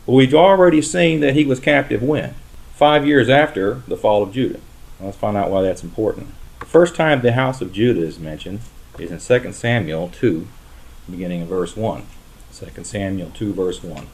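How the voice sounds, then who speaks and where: A man teaches a Bible study in a plain, mid-pitched voice. He reads scripture slowly and with weight on key words, then puts questions to his listeners and answers them himself. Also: expressive, darkish tone. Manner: reads scripture aloud with slow emphatic stresses.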